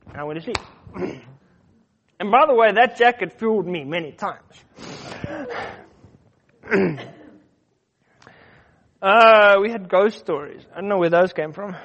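A middle-aged man from Africa, telling personal stories in a casual, animated way, often repeating words as he goes. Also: high voice. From South Africa. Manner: animated, repeats words, acts out his quotes. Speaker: storyteller. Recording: dull muffled lo-fi recording.

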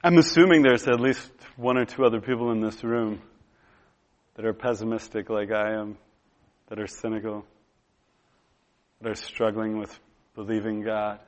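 A man in his thirties preaching, telling a personal story in a relaxed conversational way with lots of pauses and fillers. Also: lowish voice. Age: 30s. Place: room with a gathered audience.

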